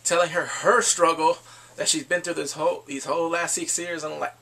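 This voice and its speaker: Excitable man, gravelly and bright. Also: on the high side, fairly quick. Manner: laughing often, excitable retelling. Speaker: TV episode reviewer. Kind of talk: casual review chat.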